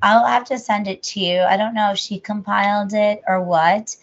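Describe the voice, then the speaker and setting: A woman's voice: medium pitch, fairly even intonation, moderate pace. A woman co-hosting a podcast, chatting casually in a rambling, jokey way. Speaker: podcast co-host. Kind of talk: casual chat. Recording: muffled lo-fi audio.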